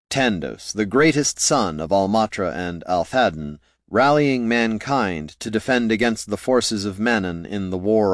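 A man's voice: lowish voice, no room sound. A man reading fantasy fiction aloud in scripted audiobook narration, with a dry, wry delivery.

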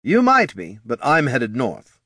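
A man's voice: medium pitch, wildly swooping pitch, a little slow, pushed and bright, no echo, clean studio sound, pitched above the performer's own voice, exaggerated voice. A man voicing a drunk, cynical male knight commander who talks in a sardonic, weary way, in a fantasy audiobook. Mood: blunt.

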